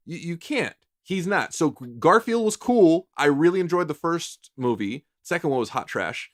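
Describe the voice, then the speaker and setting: A man co-hosting a podcast, rambling excitedly in casual chat with frequent restarts. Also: on the high side, moderate pace, no echo, clean studio sound. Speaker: podcast co-host.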